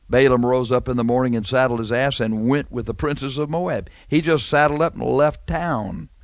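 A man's voice: mid-range voice, a little mellow, no room sound. A man preaching a sermon in a conversational way, asking rhetorical questions and making wry asides.

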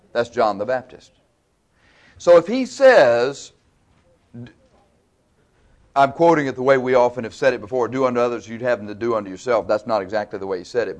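In this sermon, the preacher quizzes his audience and responds to his own questions. His voice varies greatly in both pitch and loudness, repeatedly rising and falling.

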